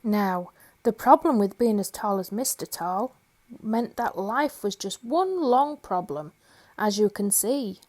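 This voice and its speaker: A woman storyteller reading a children's picture book aloud, gentle and expressive. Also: medium pitch, a little slow.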